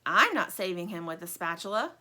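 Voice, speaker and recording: A woman voicing a bossy, bouncy female rubber toy, shrill and loud. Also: animated, moderate pace, full character voice.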